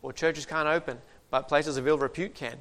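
A man's voice: on the high side, steady tone, a little fast, a bit bright. A man preaching a sermon in a conversational way, reading scripture and adding joking asides.

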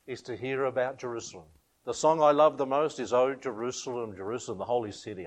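A man preaching a sermon, chuckling often and rising and falling for emphasis. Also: medium pitch.

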